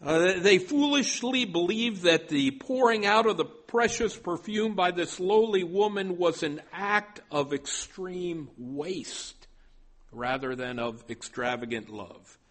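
A man's voice: sits high, slow pace, fairly bright tone. A male pastor preaching a sermon, stopping often and repeating his words as he goes.

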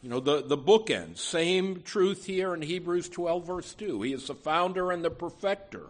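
A man's voice: on the high side, animated, normal speed. A man preaching a sermon as pastor, earnest and emphatic, with frequent "you know" asides and repeated words.

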